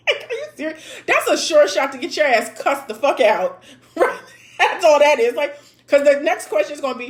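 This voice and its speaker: A woman's voice: sits high, big pitch swings, moderate pace. Sassy woman in her 30s hosting a chat stream, blunt, swears, voice goes up and down a lot. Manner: blunt, sassy, laughs often, swears freely. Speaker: host of a live chat show reading viewer comments. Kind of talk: casual live-stream chat.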